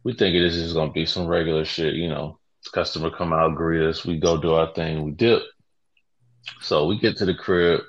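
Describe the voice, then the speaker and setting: A man's voice: a bass voice, fairly even intonation, moderate pace. A man telling a work story in casual slang, laid-back and amused. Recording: dull lo-fi recording.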